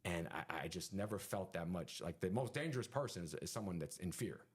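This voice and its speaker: A man telling a story in casual conversation as a podcast guest, animated and full of sound effects and fillers. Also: sits low, brisk, breathy edge.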